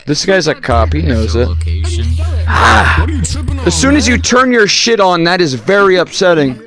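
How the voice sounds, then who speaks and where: Profane, excitable man trolling in VR. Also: fairly high pitch, normal speed, soft background music. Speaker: VRChat streamer. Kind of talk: casual game chat.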